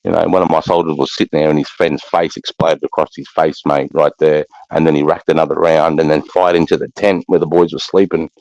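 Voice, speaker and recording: A man's voice: a bass voice, level tone, a little fast, hardly any pauses, a little mellow, dry recording. An Australian man, an army veteran, telling war stories in a blunt, profane way and calling everyone mate. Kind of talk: casual war storytelling. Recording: dull muffled recording.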